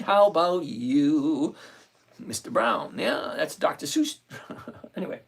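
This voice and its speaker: The voice is mid-range, animated, creaky and fairly bright, delivered a little slowly. It belongs to a livestream host on stock options who chats casually about covered calls, joking and saying hello to viewers by name.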